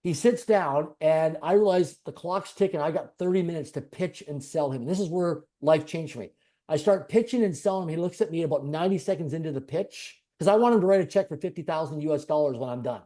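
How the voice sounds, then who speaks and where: Man, interview guest, earnest confessional storytelling, slightly high voice, warm mellow tone. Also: fast. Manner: earnest, confessional, repetitive phrasing. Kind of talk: personal storytelling in conversation.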